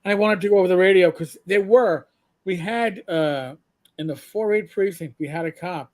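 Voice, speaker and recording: High-voiced man telling rambling stories. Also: moderate pace. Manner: rambling anecdotes with blunt profanity. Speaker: podcast co-host. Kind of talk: casual storytelling chat.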